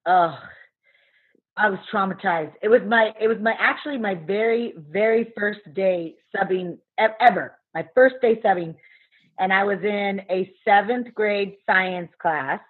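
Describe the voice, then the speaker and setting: A woman who works as a substitute teacher, telling a story in casual chat, animated and swearing freely while acting out what people said. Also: medium pitch, measured pace, husky. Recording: muffled phone-like sound.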